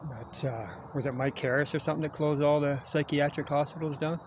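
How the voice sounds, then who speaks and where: A man's voice: fairly high pitch, steady tone, a little fast. A man rambling and joking as he vlogs in the woods, coaxing animals toward him, filmed on a camera held at arm's length. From Canada. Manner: chatty, jokey, coaxing animals. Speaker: vlogger. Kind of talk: rambling outdoor vlog. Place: woods outdoors. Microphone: handheld camera at arm's length. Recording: outdoor noise, wildlife around. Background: outdoor ambience, animals.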